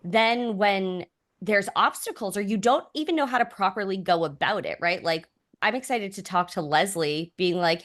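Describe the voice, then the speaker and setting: A woman's voice: mid-range voice, moderate pace. A woman co-hosting a casual health podcast, talking candidly with many fillers and asides of "right?". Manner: animated and candid, many fillers and rhetorical 'right?'. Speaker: podcast co-host.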